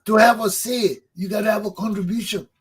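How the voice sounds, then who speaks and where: A man's voice: sits high, steady tone, a little fast, husky, poor audio. A man, hosting a talk show, delivering a fervent political monologue that preaches, repeats points for emphasis and swears. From Liberia.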